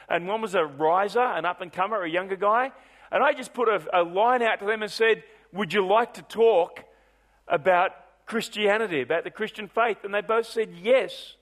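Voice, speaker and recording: A middle-aged male pastor telling a story in a sermon, animated and shifting between brisk and drawn-out delivery. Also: sits high.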